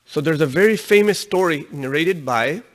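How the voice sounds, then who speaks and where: A fairly high-pitched man delivers a religious lecture and tells a story with animated emphasis, his voice lifting when he drives a point home. A long reverb from the hall trails after each phrase. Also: moderate pace. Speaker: religious teacher.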